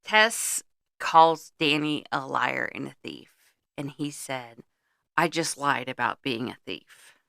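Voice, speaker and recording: A woman's voice: extremely low pitch, lively intonation, takes it slowly, creaky, bright, forceful tone, dry recording, studio quality. A middle-aged woman co-hosting a podcast, recapping a movie's plot in blunt casual chat and swearing freely. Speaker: podcast co-host.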